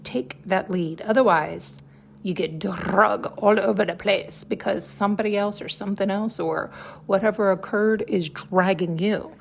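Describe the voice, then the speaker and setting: A woman hosts her own podcast as a casual spiritual monologue. She is blunt and swears freely, hammers her points home with repetition, and keeps asking rhetorical questions. Her voice sits at a middling pitch. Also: gravelly, a little hiss or hum. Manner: blunt and heavy on profanity, with frequent laughs. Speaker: podcast host.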